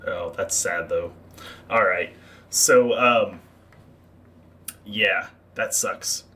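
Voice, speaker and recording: Bright-voiced man running a tabletop game. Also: deep voice, drawn-out words. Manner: relaxed, rule-explaining, hesitant fillers. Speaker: game master.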